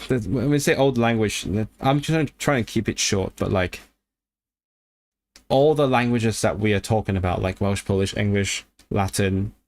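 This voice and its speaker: This low-voiced man is chatting on a livestream about picking up languages. His train of thought keeps restarting, punctuated by short flashes of enthusiasm.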